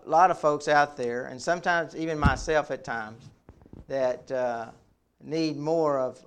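A man's voice: fairly high pitch, clear, resonant tone. A man preaching a conversational sermon, often repeating words as he builds a point. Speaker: pastor.

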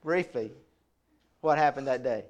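A man's voice: medium pitch, a little slow, dull audio. A man preaching a conversational sermon, often repeating words as he builds a point. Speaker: pastor.

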